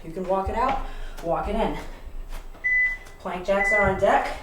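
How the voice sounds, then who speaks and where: Female fitness instructor, slow and winded cues mid-workout, roomy sound from across the room, noisy. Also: mid-range voice, far from the mic. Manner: energetic, out of breath while exercising. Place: home workout space.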